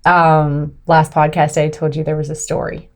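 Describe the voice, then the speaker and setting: A woman co-hosts a podcast in casual conversation, her voice deep and her pace moderate. She tells stories with lots of energy, laughs often, and acts out what people said.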